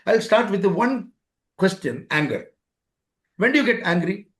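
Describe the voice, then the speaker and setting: A man's voice: sits high, expressive, normal speed, a bit bright. A man giving a webinar lecture, repeating points and acting out everyday exchanges. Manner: repetitive, acts out both sides of everyday exchanges. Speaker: webinar speaker on life skills. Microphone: remote webinar microphone.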